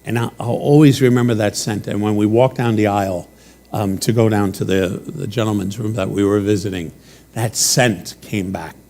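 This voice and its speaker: A male pastor preaching a sermon who builds his points through repeated rhetorical questions and drops into quieter personal stories. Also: lowish voice, fairly even intonation, normal speed. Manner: slips into quieter personal storytelling with fillers.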